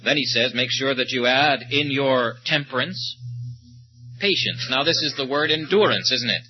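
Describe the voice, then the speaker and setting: A man preaching a sermon, speaking slowly and emphatically and stopping to tell short stories. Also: medium pitch, faint music behind. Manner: slow, emphatic preaching with storytelling asides. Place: meeting or conference hall. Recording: muffled, lo-fi recording with faint hum.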